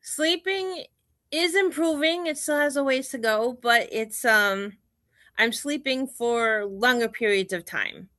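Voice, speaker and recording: A woman guest on a casual video chat interview, animated, retelling her days in quick bursts with quoted self-talk. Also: high-pitched, no echo, clean studio sound.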